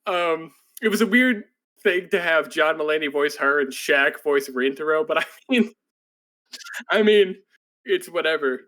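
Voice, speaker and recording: A man's voice: measured pace, pushed and bright. A man co-hosting a podcast, casually retelling an anime plot in a rambling way, full of "like"s, and now and then slipping into breathless character voices. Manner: rambling, filler-heavy storytelling with many "like"s; jumps into breathless, high-pitched voices when quoting characters. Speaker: podcast co-host.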